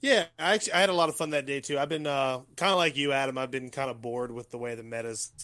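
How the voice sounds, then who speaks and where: Man, American, podcast host, casual joking chat, quick bursts, middle pitch. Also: steady tone, sharp tone.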